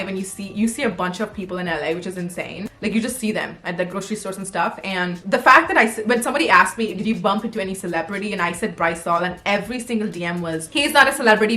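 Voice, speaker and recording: A woman's voice: mid-range voice, sharp tone. A young woman in her twenties, casually answering viewer questions in a vlog, blunt and sassy, swearing freely and acting out what people said.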